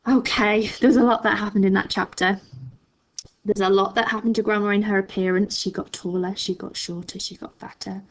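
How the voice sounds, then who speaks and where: A woman primary school teacher reading a story aloud expressively, then explaining a writing task gently to her class. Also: medium pitch, little pitch movement, a little fast.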